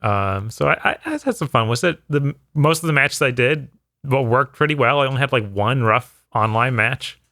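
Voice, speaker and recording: Halting male co-host, dry sound. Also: medium pitch, bright, forceful tone, no echo. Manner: halting, with fillers and restarts. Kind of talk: casual chat.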